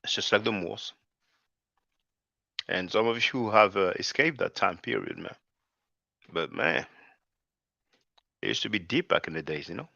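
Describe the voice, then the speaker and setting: A man's voice: deep voice, measured pace, vocal fry, long pauses, pushed and bright, dry recording. A man hosting his channel, talking loosely in a casual commentary monologue and calling his viewers brothers and sisters. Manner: loose and conversational, often says "man". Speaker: channel host. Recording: dull lo-fi dry recording.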